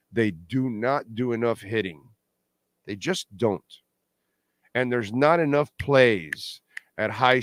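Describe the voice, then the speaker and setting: A middle-aged man hosting a postgame sports talk livestream, animated and blunt, repeating points for emphasis. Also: mid-range voice, no echo. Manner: blunt and salty, pleads with viewers. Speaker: sports talk show host.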